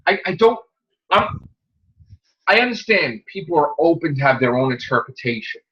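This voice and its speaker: A man's voice: a little high, lo-fi sound. A man hosting a podcast, ranting angrily about a movie with lots of profanity and heated, mocking delivery. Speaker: podcast host. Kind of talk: angry movie rant.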